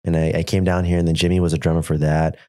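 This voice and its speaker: A man's voice: low voice, little pitch movement, mellow. A man hosting a podcast, asking questions and chiming in with enthusiastic agreement. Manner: enthusiastic, quick affirmations and questions. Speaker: podcast host. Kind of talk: casual interview chat.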